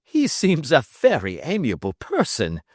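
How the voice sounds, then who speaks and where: A man voicing a calm, witty detective who answers threats with bland, quiet irony. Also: mid-range voice, a little slow, no echo, clean studio sound, pitched above the performer's own voice. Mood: brisk. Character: calm, witty male detective, cool and imperturbable.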